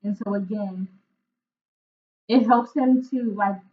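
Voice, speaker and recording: An earnest woman, working as an intuitive tarot reader, talks through a reading slowly at a middling pitch, often pausing to search for words and checking in with "right?". Her tone is emotional, and her voice sounds thin and narrow, as if over a phone line.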